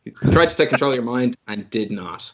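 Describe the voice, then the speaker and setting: A man's voice: medium pitch, animated, a little fast, lo-fi sound. A man narrating a tabletop game as game master, playful and often laughing. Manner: playful, laughing, voices creatures in short bursts.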